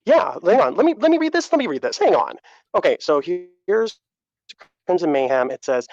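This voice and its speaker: A man's voice: on the high side, sing-song, a little fast, a little mellow, no echo, lo-fi sound. A man on a live stream reading out comments and stammering in flustered disbelief.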